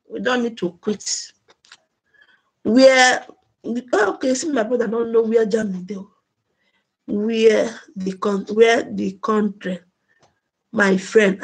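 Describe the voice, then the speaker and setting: A woman's voice: fairly high pitch, a bit bright, breathy edge. A woman hosting a casual live stream, chatty and laughing often as she greets viewers by name. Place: home in Germany.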